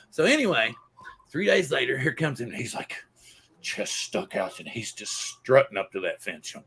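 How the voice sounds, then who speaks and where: A man's voice: mid-range voice, very animated, a little fast, gravelly, a bit bright, a little hiss or hum. A man hosting a casual group show, telling a long joke in a rambling, folksy way. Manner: rambling, folksy storyteller with lots of fillers. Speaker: podcast host.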